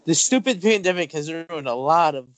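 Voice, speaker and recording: A man from Massachusetts hosting a casual interview show, relaxed and halting, with frequent ums. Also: a little high. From Springfield, Massachusetts.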